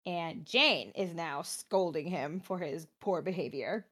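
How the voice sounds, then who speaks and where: A woman's voice: on the low side, a little slow, a bit bright. A young woman giving casual let's-play commentary, chatting and translating game dialogue with plenty of fillers.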